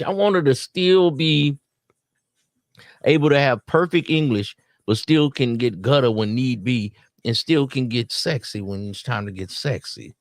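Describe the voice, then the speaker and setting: Southern man, gravelly voice, playful reaction commentator, dry close sound. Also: mid-range voice, lively intonation, moderate pace, no room sound. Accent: Southern American. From Southern United States. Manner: playful, flirty, streetwise slang.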